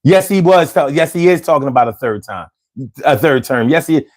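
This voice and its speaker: A man hosts a casual livestream from home, chatting in loose street slang. His voice sits fairly high and leaps between low mutters and loud, pitched-up exclamations. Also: animated, a little fast. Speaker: livestream host. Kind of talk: casual livestream talk reading chat.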